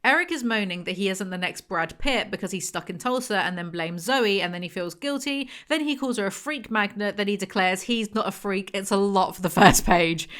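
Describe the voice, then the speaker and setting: A woman's voice: mid-range voice, a bit bright. A young woman, reading a novel aloud and breaking off for sarcastic, mocking commentary. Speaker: book reviewer.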